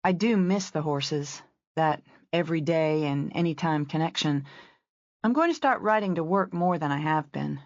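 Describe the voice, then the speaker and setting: A woman reader voicing a brisk, self-assured young woman who manages a ranch resort. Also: deep voice, dry recording, lo-fi sound.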